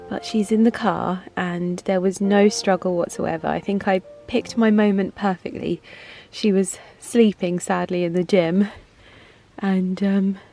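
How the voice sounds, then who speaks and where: A woman's voice: medium pitch, dark tone. A woman chatting casually to camera in a vlog, rambling and heartfelt. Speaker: lifestyle vlogger.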